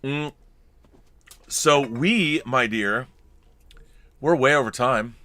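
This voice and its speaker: Speaking very slowly in a pushed, bright, mid-range voice, this podcast co-host rambles through a casual chat about a film. He reads viewer comments and letters aloud and frequently starts his lines over.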